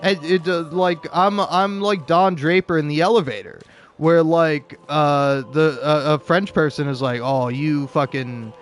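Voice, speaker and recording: A man's voice: a little high, steady tone, measured pace. A man talking in a rambling, casual commentary style, sarcastic and profane, laughing often between his points. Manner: rambling with frequent restarts. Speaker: gaming video creator.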